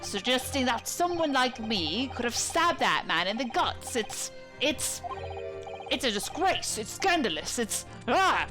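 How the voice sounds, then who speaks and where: A stuffy, blustering gentleman banker, put on by a woman reading a courtroom game aloud, sputtering with outrage in a lively, swooping voice. Game music plays behind him. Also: fairly high pitch, measured pace. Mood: indignant. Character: stuffy posh male banker, indignant.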